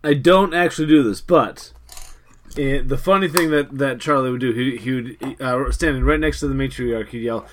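A man's voice: medium pitch, normal speed, slight background noise. A man playing a tabletop role-playing game, hesitant with many ums and restarts. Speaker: player. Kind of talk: casual tabletop play.

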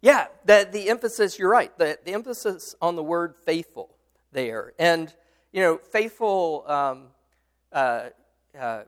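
A man's voice: a little high, lively intonation, a little slow. A man leading a Bible study discussion, explaining a passage with many fillers and restarts and answering his students. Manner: explains patiently, responds to students.

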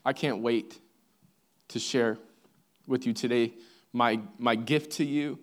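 Enthusiastic pastor introducing a speaker. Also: male voice, medium pitch, fairly even intonation, takes it slowly. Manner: emphatic, enthusiastic, repeating his points. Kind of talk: sermon introduction. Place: church sanctuary.

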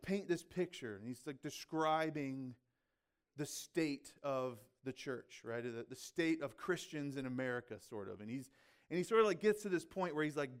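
Chatty preacher man with a higher voice. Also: smooth. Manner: chatty, filled with "like" and "right?". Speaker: pastor. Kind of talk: conversational sermon.

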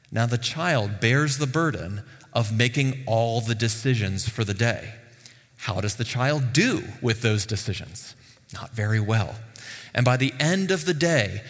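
Lively man preaching in a reverberant hall. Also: mid-range voice. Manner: lively, conversational with rhetorical questions and laughs. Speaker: pastor. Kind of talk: sermon. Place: church sanctuary.

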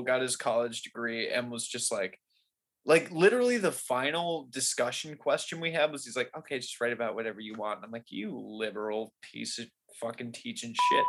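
A man's voice: mid-range voice, a bit bright. Rambling, profane young man. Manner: laughing, profane, rambling storyteller. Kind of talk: casual chat.

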